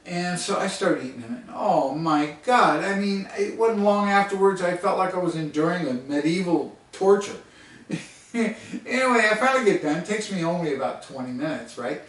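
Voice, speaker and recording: Man storyteller, casual and self-mocking, slightly high voice, distant mic. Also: animated, moderate pace, a bit bright. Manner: chuckling, rambling and self-mocking. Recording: distant mic in a very echoey room.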